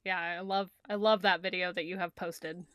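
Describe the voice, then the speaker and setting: A woman's voice: on the low side, fairly even intonation, moderate pace, a bit bright, no echo. A woman hosting a podcast, giving short encouraging replies and asking questions. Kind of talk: casual podcast chat.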